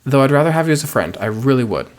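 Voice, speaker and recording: A man's voice: medium pitch, very animated, racing. A man casually commenting on a video game, rambling with crude jokes. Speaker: let's player. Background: game music.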